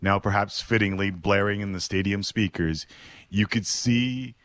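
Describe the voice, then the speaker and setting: A podcast host with a lowish voice reads his scripted story slowly and reflectively, leaning on short dramatic pauses. The recording is close and dry, with no room sound. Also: fairly bright tone, dry recording.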